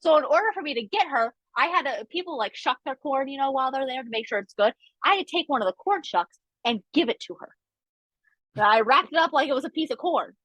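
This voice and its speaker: Quick-paced and high-sitting, this podcast co-host's voice carries a funny story told in lively, chatty conversation with plenty of asides. There is no room sound, and the audio is poor.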